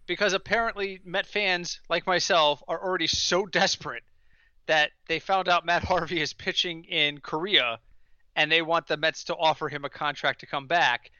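A man with a high, bright voice co-hosts a casual sports podcast. He tells stories with animation and builds his rants to comic punchlines. The sound is dry and slightly dull, close to the mic. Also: steady tone, normal speed, smooth, no room sound. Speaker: podcast co-host.

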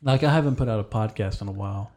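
A man's voice: fairly low pitch, very fast, darkish tone. A man hosting a casual podcast chat, rambling and swearing freely. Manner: rambling and heavily profane. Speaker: podcast host. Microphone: headphones and studio mic.

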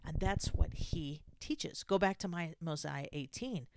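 Woman, scripture teacher, conversational and halting. Lower pitch with gravelly fry. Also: background noise. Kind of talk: casual scripture lesson.

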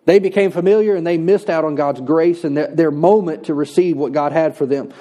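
A male pastor preaching a sermon with a mellow, warm tone and a voice pitched a little high. He is earnest and slows down to press his points.

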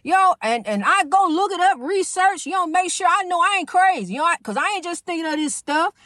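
A woman's voice: very high-pitched, expressive, brisk, fairly bright tone, no room sound, studio quality. A woman in her fifties hosting a podcast, delivering a casual, preachy monologue full of repetition and calling the listener honey. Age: 50s. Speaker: podcast host.

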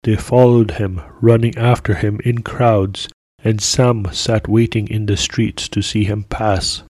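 A man narrating a classic tale aloud in a steady, measured storytelling manner. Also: fairly low pitch, no room sound. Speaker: podcast narrator.

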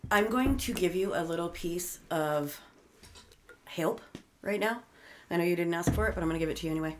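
A woman in casual chat, bluntly giving advice with heavy swearing and animated explaining. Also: fairly low pitch, brisk, a little hiss or hum.

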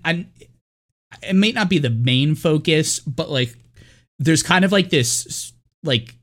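A man's voice: a little high, fairly bright tone. Rambling man in casual movie chat. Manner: rambling, filler-heavy, does mocking character voices. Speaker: podcast co-host.

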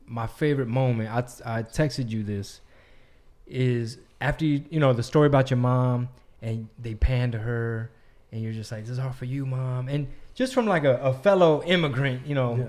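A man co-hosting a casual chat, relaxed and slangy, with quick back-channel yeahs. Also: medium pitch.

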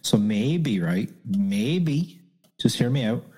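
A man's voice: medium pitch, animated, slow, warm tone, slightly rough, low-quality recording. A man co-hosting a podcast, talking in a rambling, casual way with restarts and crude jokes. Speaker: podcast co-host. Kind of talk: casual chat.

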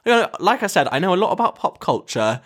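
Young english man, storytime vlog, lively swooping pitch, laughs a lot, swears casually. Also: fast talker. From England. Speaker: vlogger.

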